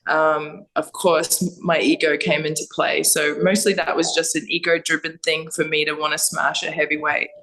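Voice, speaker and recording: Young aussie woman, bright voice, blunt and laughy, swears a lot. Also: deep voice, flat delivery, moderate pace, hardly any pauses, rough recording. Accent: Australian. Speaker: guest fighter. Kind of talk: casual podcast chat. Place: Thailand.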